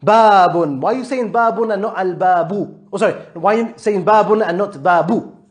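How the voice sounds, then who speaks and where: A man with a high voice leads an Arabic grammar lesson in a classroom. He quizzes his students patiently with repeated questions and mixes English with Arabic terms. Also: normal speed. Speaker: Arabic teacher.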